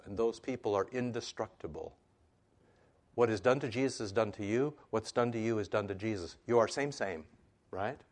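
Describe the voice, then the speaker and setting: A man teaching a sermon-style class, talking conversationally and building to emphatic rhetorical questions. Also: lowish voice.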